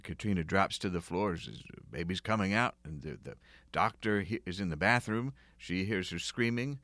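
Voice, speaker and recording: A man's voice: low voice, normal speed, a bit bright, no echo. A man hosting a podcast, chatting in a rambling, easygoing way with frequent chuckles and fillers. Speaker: podcast host. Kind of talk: casual interview chat.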